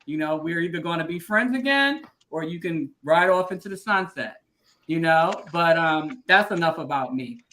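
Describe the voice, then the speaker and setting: A woman's voice: on the low side, animated, normal speed, a bit bright. A woman hosting a casual live-stream chat, talking loosely and freestyling with frequent laughs. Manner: chatty, freestyling, laughs often. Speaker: host.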